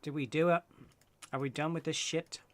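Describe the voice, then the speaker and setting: A young man streaming a game and talking casually to chat, excitable and swearing freely in his asides. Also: on the high side, moderate pace, a little hiss or hum. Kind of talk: casual gameplay commentary.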